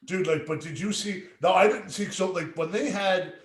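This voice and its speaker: Rambling high-voiced man, roomy and off-mic. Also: normal speed, recorded from a distance. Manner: rambling, full of "like" and swearing. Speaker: podcast co-host. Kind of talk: casual chat. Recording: roomy echo, away from the mic.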